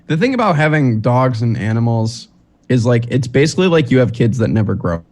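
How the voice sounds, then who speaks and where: Male podcast guest, mid-pitched, rambling and jokey. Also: sing-song, brisk, darkish tone. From United States. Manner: rambling, joking, trailing restarts. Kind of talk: casual chat.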